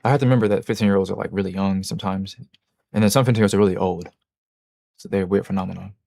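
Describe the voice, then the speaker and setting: A man's voice: sits low, steady tone, rapid-fire, creaky, a little mellow, no room sound, clean studio sound. A man hosting a livestream, chatting casually and answering his chat in a rambling, joking, self-mocking way with many restarts. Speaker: livestream host.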